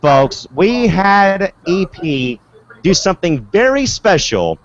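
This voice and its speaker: A man's voice: sits high, sing-song, slow pace, highs cut off. A man hosting a casual online sports show, talking chattily and repeating "of course" and "folks.". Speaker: podcast host.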